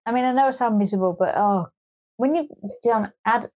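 A woman's voice: on the high side, a little fast, darkish tone, highs cut off. A woman co-hosting a podcast in casual chat, wry and grumbling, with lots of restarts and swearing. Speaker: podcast co-host.

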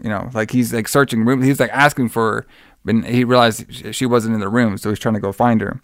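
Chatting casually, a podcast host recaps a film scene by scene, rambling a little fast with plenty of fillers and fairly even intonation. His smooth, resonant voice climbs higher and louder each time he quotes a character. It's recorded close, with no echo or room sound.

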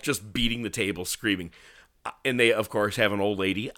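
A man with a low, bright, forceful voice tells stories in an animated, swearing, casual way, acting out quotes as he goes. The sound is close and dry, with no room in it. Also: a little fast, dry recording. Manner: animated storytelling, swearing, acts out movie lines. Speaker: podcast co-host. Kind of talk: casual wrestling chat.

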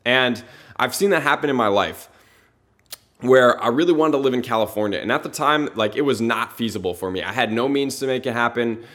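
A man's voice: mid-range voice, fairly quick, fairly bright tone. A man hosting a motivational talk show, speaking earnestly with many rhetorical questions and casual "like" fillers. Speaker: host.

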